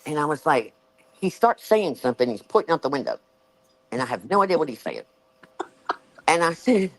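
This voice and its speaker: Lively Southern woman telling a story. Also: a bass voice, brisk, pauses often, no echo, poor audio. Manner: animated, acts out quoted voices. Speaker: show host. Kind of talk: casual storytelling chat.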